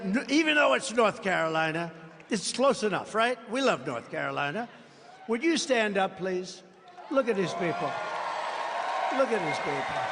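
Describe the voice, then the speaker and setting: His voice sits high with a slightly bright edge, and there's a bit of background noise. The man is a political candidate rambling and bragging into a podium microphone before a big rally crowd, with spontaneous asides along the way, all carried on the long reverb of the hall.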